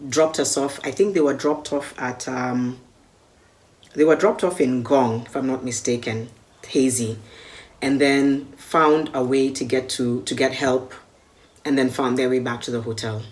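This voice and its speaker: A woman's voice: extremely low pitch, unhurried, darkish tone. A Kenyan woman recounting a personal story vividly and acting out the dialogue. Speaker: media personality recalling a con.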